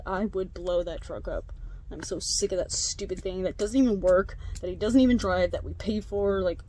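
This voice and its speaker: A young woman vlogging to camera, retelling neighborhood gossip in a casual, animated way with voiced quotes, fillers and laughs. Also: fairly low pitch, a little hiss or hum. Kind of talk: casual storytelling chat.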